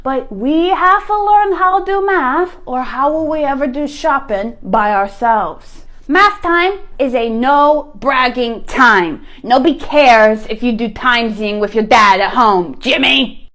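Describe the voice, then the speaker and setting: A woman's voice: sits high, measured pace, fairly bright tone. A woman voicing a blunt, bossy six-year-old child in a comedy sketch. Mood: bossy, indignant. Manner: bossy, blunt, self-important. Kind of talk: comedy sketch character monologue.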